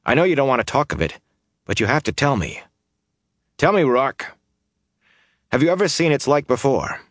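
A man's voice: medium pitch, very animated, normal speed, dry recording, studio quality, voice pushed up. A man voicing a young male hero who presses a reluctant companion for answers. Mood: urgent. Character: young man pleading urgently.

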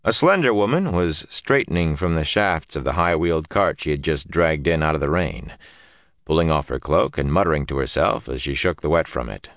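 A man reading a fantasy audiobook in an expressive, dramatic storytelling manner. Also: extremely low pitch, moderate pace, no room sound, clean studio sound. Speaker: narrator. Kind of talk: audiobook narration.

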